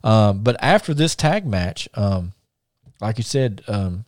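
A man's voice: lowish voice, expressive, slow, a little mellow, dry recording, studio quality. A man who hosts a podcast, telling rambling stories, repeating words and laughing at them. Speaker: podcast host and former wrestler. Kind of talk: casual storytelling.

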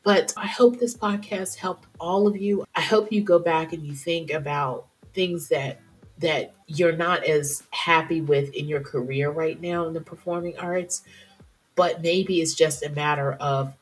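A woman's voice: low-pitched, steady tone, measured pace. A woman hosting her own podcast, talking candidly and emotionally about her career, chatty and prone to interrupting herself. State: teary at times. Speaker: podcast host. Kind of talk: personal podcast monologue.

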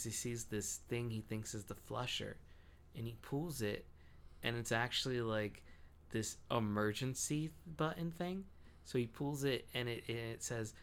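Clear and resonant, this mid-range, slightly bright voice belongs to a young podcast co-host. He wanders through stories in casual chat, heavy on the profanity.

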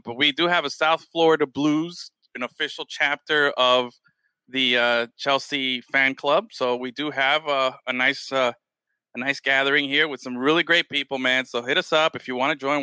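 A man's voice: mid-range voice, steady tone, moderate pace, pushed and bright, clean tone, no echo. A man co-hosting a casual podcast over a remote call, rambling with restarts and tossing in "man". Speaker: podcast co-host. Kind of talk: casual chat. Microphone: remote call with mute button.

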